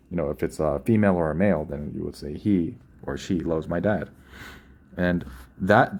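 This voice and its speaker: Low mellow-voiced man teaching. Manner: patient, repeats and corrects himself. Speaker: Korean language teacher. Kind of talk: explaining grammar at a whiteboard.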